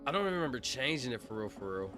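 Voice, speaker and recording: A man's voice: medium pitch, very fast, over music. Laid-back young man streaming, rambling. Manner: relaxed, rambling, slangy, says "bro" often. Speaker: livestreamer. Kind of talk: casual stream chat while gaming.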